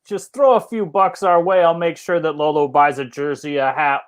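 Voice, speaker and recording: A man's voice: a little high, fairly even intonation, normal speed. A man co-hosting a live fan show over a video call, teasing his friend. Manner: teasing, ribbing the host. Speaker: co-host. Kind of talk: casual live-stream chat.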